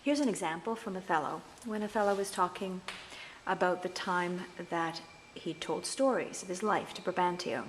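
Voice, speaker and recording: A woman lecturing on verse meter, explaining patiently and reading quoted lines slowly. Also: fairly low pitch, in a large hall, slight background noise, rough recording. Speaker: literature lecturer.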